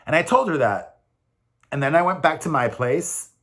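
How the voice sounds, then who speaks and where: A man's voice: on the high side, animated, moderate pace, a bit bright. Chatty, emphatic man vlogging. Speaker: vlogger, single father. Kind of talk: casual confessional vlog.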